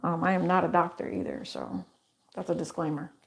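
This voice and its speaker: A tarot reader speaks solo to camera in a fairly low, gravelly voice with big pitch swings, talking a little fast. She is chatty and emphatic, repeating phrases and asking rhetorical questions.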